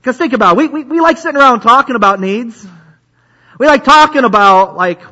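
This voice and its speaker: This preacher has a very high, sharp voice and delivers his sermon briskly and with animation. He talks conversationally, frequently repeating himself and starting sentences over, on a dull lo-fi recording.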